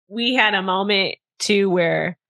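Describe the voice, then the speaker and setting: A woman's voice: mid-range voice, a little slow, creaky, fairly bright tone, muffled recording. A young adult woman co-hosting a podcast, telling a story in a casual chat, acting out quotes and swearing freely. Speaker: podcast co-host.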